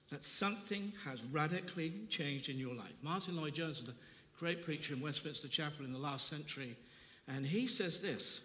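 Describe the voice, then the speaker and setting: A man's voice: fairly high pitch, pushed and bright. An older man preaching a sermon with passion, repeating his phrases for emphasis. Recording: long reverb of a large hall.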